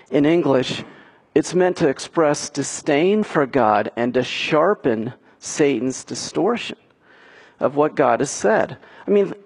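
A man's voice: fairly high pitch, darkish tone, husky. A man preaching a sermon as a pastor, earnest and pushing his points with emphatic questions.

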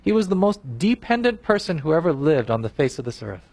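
A man's voice: fairly high pitch, very animated, fairly quick, a little mellow. Earnest male preacher. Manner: earnest, emphatic preaching with frequent restarts. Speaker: pastor. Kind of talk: sermon.

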